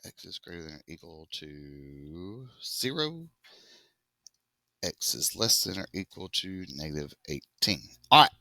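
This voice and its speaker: A man's voice: low voice, sing-song, unhurried, pushed and bright, no room sound, studio quality. A man teaching a math class, joking with his students as he works through test problems. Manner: casual, joking, talks to students as y'all.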